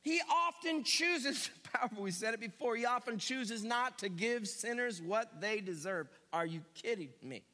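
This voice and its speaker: A male pastor preaching a sermon, swinging between quiet asides and shouted emphasis. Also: very high-pitched, lively intonation, normal speed, few pauses, long reverb tail.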